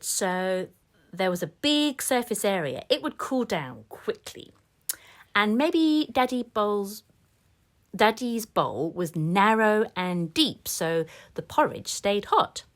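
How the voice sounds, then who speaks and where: A woman telling a children's story in a patient, playful way, dodging the listener's questions. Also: fairly high pitch. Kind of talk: storybook reading.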